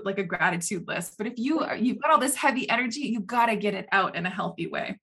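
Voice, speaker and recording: A woman hosting a podcast, talking casually as a mother and coach, chatty and quick to laugh. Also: medium pitch, animated, pushed and bright, breathy edge. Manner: chatty, laughs often, acts out her own inner voice. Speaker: podcast host. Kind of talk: casual chat.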